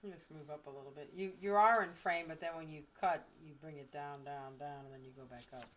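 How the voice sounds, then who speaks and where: A woman's voice: sits low, fast, fairly bright tone, distant mic. A woman co-hosting a live craft class, chatting in a laid-back way. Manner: laid-back, laughs often. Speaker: co-host. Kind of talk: casual chat.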